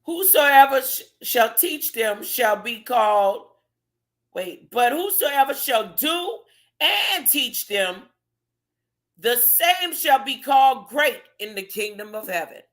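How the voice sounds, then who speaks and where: Woman preacher, solo scripture teaching; slow and deliberate, casual, keeps challenging listeners with rhetorical questions. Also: on the high side. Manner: animated, rhetorical, tag questions, colloquial. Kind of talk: informal solo Bible teaching.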